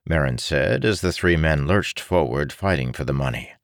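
A man with an extremely deep, low voice reads a fantasy novel aloud in a measured, expressive way. His intonation is lively despite the low register. The recording is dry and close, with no room sound. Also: creaky, dry recording. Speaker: audiobook narrator. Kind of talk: scripted fantasy novel narration.

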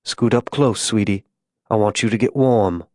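A man voicing a tormented religious zealot who speaks to a child in a hushed, tender way. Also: fairly low pitch, normal speed, no room sound, studio quality, close to an everyday voice. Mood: anguished.

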